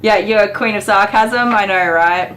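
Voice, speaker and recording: A middle-aged woman who works as a dog groomer and chats casually while she works. She is dry and sarcastic, laughs often, and gently scolds the dog on the table. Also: medium pitch, moderate pace. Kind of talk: casual chat while working. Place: grooming salon indoors. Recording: echoey room with clipper noise. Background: electric clippers buzzing.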